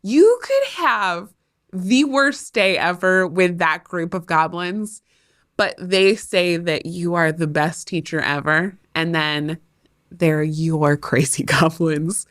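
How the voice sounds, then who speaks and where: A woman talks into a close mic in a dry, deadened room, her voice sitting slightly low and her pace slow and deliberate. She hosts a podcast and speaks candidly as a former teacher. Her tone is heartfelt and self-deprecating, with frequent laughs at herself. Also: expressive, fairly bright tone, dry recording. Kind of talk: candid monologue.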